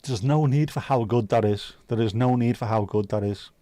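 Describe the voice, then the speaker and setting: A man's voice: medium pitch, normal speed, dark tone. A man hosting a livestream, chatting casually with viewers and teasing them. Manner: joking, teasing, chatty banter. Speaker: livestream host.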